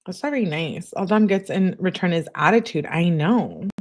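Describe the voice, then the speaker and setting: A woman's voice: lowish voice, animated, normal speed. A woman giving casual, sarcastic reaction commentary while reading text messages aloud, with blunt, slangy asides. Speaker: true-crime commentator.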